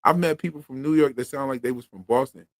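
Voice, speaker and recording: A Pennsylvania man with a Philadelphia accent co-hosts a loose, slangy livestream chat and reads viewer comments aloud. He's a fast talker with a mid-range voice, and the recording is dry.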